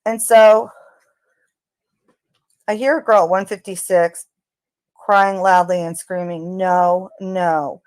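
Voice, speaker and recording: A woman hosting a true crime channel, talking casually in an unhurried, hesitant way with frequent ums. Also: medium pitch, steady tone, dry recording. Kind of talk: casual spoken commentary.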